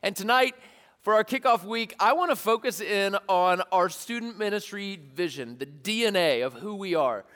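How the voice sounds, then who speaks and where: A man preaching as a youth ministry pastor, eager and lively, rallying a young crowd in a church. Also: high voice, moderate pace, in a large hall. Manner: enthusiastic, calls to the crowd, repeat-after-me. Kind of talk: energetic youth sermon.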